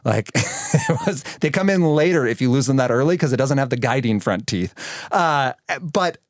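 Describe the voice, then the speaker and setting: A man in his thirties, a podcast guest telling stories in a lively conversational way and acting out the voices he quotes. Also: medium pitch, fairly quick, no room sound, clean studio sound. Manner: animated, acts out quoted voices. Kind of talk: conversational storytelling.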